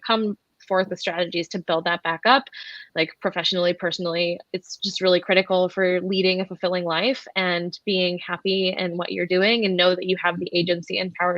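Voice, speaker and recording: A woman's voice: on the low side, a bit bright, no echo. Woman host on dull dry audio. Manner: casual, many likes and you-knows. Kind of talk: live online panel chat.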